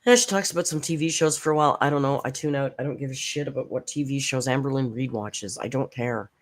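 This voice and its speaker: A woman's voice: a bass voice, quick pace. Sarcastic, blunt woman commentator. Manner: sarcastic, blunt, swears freely. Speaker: reaction channel host. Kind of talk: casual commentary on a livestream.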